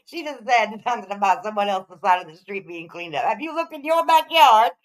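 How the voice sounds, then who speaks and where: A woman's voice: medium pitch, expressive, fairly quick, low-quality recording. A woman hosting a reaction commentary, teasing and sarcastic, often breaking into laughter. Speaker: commentary channel host.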